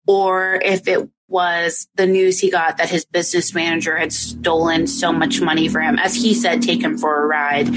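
A woman's voice: fairly low pitch, poor audio. A woman hosting a live audio chat, giving casual, chatty commentary full of asides. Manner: chatty, many fillers and asides.

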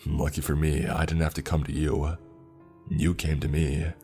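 A man voicing a huge, cruel, ancient man-eating forest creature in a storytelling narration, with a dark and gruff voice and a menacing, gloating manner. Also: rumbling low, level tone, normal speed, faint music behind.

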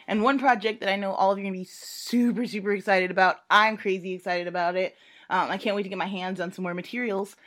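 A woman's voice: medium pitch, steady tone, fast, fairly bright tone, soft background music. Bubbly woman hosting an interview. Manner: bubbly, enthusiastic. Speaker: interview host. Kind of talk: casual interview intro.

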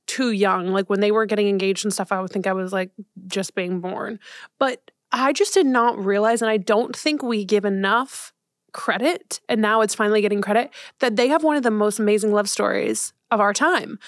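A young woman in her twenties co-hosts a podcast with a mid-range voice, chatting casually and gushing with lots of "like." The recording is dry, with clean studio sound.

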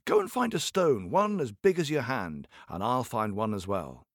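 A man voicing a tiny, quick-witted male tailor in a told folk tale, high and cocky. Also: big pitch swings, dry recording, studio quality. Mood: sly. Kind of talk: storybook character voice.

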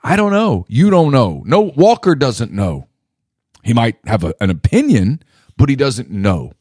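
A man co-hosting a sports podcast in casual talk, emphatic and repetitive, jumping up to a near shout on the points he presses. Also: mid-range voice, sing-song, measured pace, no echo, clean studio sound. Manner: emphatic, repeats himself, rising to a near shout on key phrases. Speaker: podcast co-host.

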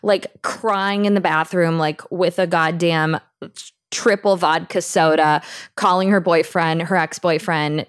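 A woman chatting on a podcast, rambling fast with many fillers and swear words. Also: on the low side, fairly even intonation, clean tone, dry recording, clean studio sound. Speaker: podcast guest. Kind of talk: casual podcast chat.

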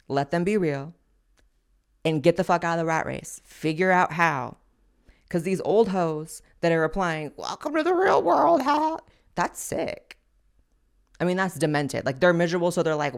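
A woman's voice: sits low, smooth. A young adult woman hosting a podcast, giving blunt, crude and sassy commentary on social media clips. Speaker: podcast host.

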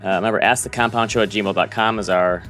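A male podcast host talks through listener questions in a casual, joking way. He speaks fast in a lowish voice. Faint music plays underneath. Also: fairly even intonation, fairly bright tone. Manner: quick, joking, conversational storytelling. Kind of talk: casual finance podcast chat.

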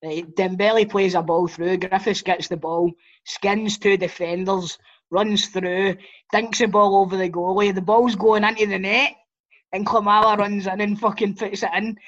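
A man's voice: high voice, flat delivery, moderate pace, a bit bright. A Scottish man hosting a football podcast, chatting bluntly and swearing freely. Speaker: podcast host. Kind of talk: casual football chat. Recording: dull lo-fi audio.

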